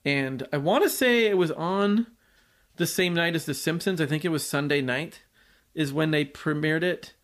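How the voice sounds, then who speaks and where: Podcast co-host, man in his forties, slightly high voice, rambling and casual. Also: normal speed, fairly bright tone. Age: 40s. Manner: rambling, full of likes and restarts, laughs easily. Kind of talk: casual chat.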